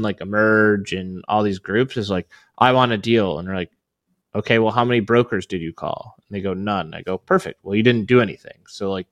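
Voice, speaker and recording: A man's voice: lowish voice, no room sound. A man in his thirties talking casually as an interview guest, rambling with lots of filler words and restarts. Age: 30s. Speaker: podcast guest, real estate investor.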